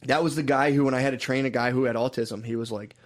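A man rattles through stories at a quick clip, slipping into other people's voices as he retells them. His pitch sits in the middle and his swearing is casual. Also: steady tone. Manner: storytelling, acts out quotes, swears a lot. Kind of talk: casual chat.

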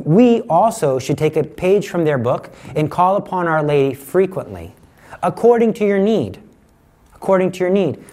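A middle-aged man giving a conversational sermon, teaching with lively examples and acted-out quotes. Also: on the high side. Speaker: preacher.

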